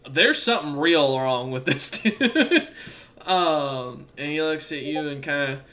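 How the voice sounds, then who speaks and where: Casual, bright-voiced male game master. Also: fairly high pitch, expressive, takes it slowly. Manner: loose and casual, many fillers. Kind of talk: narrating a tabletop game.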